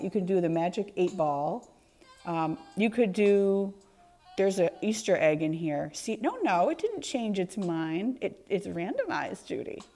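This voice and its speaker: A woman hosts her live art stream in relaxed, chatty talk. She laughs often and answers her viewers by name. Her voice is fairly low and mellow, with faint music playing behind her. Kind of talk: casual live-stream chat.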